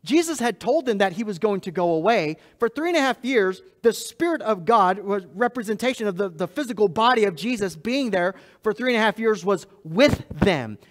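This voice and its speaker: A man preaching a sermon as pastor of a church, emphatic and repetitive, swinging between loud and hushed lines and speaking straight to the congregation. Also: sits high, lively intonation, normal speed, few pauses. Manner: laughs at himself, talks to the congregation directly.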